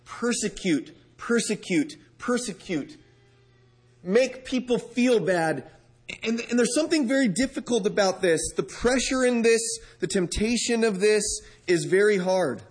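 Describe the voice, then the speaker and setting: Male preacher, high voice, conversational sermon delivery with questions to the congregation, loud and hushed by turns. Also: expressive, unhurried. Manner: conversational, asks the audience direct questions.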